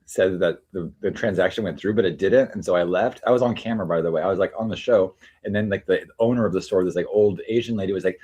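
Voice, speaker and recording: A man's voice: low voice, fast talker, hardly any pauses, darkish tone, slightly rough. A man chatting casually on a livestream, rambling with many fillers and restarts. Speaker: streamer.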